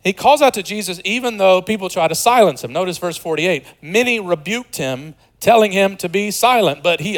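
Pastor, man, 40s, sermon; higher voice, moves from hushed to loud, casual asides. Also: moderate pace, low-quality recording. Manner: swings from loud excited to soft hushed; conversational, jokey asides.

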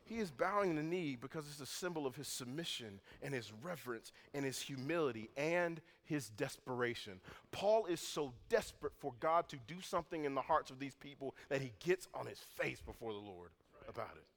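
A man preaching a sermon as pastor, moving from calm teaching to loud, intense passages. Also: mid-range voice, brisk. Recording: long hall reverb.

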